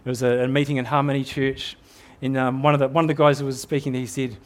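A man's voice: mid-range voice, little pitch movement, quick pace. A middle-aged man with a New Zealand accent preaching a sermon in an earnest, exhorting way, often repeating words as he builds a point.

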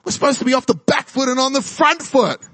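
A man's voice: extremely high pitch, animated, fast talker, fairly bright tone, no echo. A man from New preaching a charismatic sermon, exhorting the crowd and praying in tongues during the altar call. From New Zealand. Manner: fervent, exhorting, speaks in tongues. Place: church service with music behind.

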